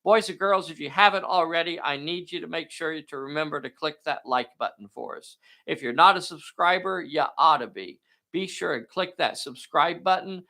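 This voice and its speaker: A man's voice: a little high, moderate pace, gravelly, bright, forceful tone. A man hosting and narrating a live tabletop game in a folksy, enthusiastic way, talking to viewers. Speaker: game master and host.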